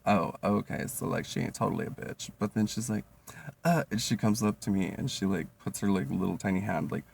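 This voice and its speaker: Man, 30s, low gravelly voice, profane casual storyteller. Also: quick pace. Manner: profane, animated, lots of fillers.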